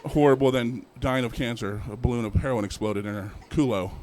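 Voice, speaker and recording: A young man performing a stand-up set at an open mic, animated, acting out characters in sudden put-on voices. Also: medium pitch, a little fast, slight background noise. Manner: animated, acts out characters with jumps in voice. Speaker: stand-up comedian.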